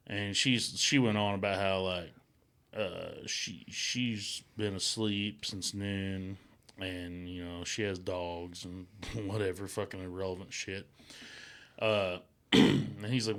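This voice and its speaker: A man's voice: sits low, fairly even intonation, slow, fairly bright tone. A man in a casual podcast chat, rambling through a story with lots of swearing and acted-out quotes. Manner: rambling, acts out quotes in raised voices, swears. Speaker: podcast co-host.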